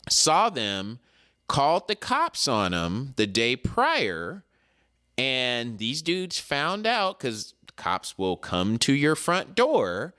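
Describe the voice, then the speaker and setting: Man spinning a story, very lively pitch, smooth clear voice, slangy, acts out the people in it. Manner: animated, acts out the people in his stories; casual and slangy, with frequent "like". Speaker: podcast co-host. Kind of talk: casual storytelling.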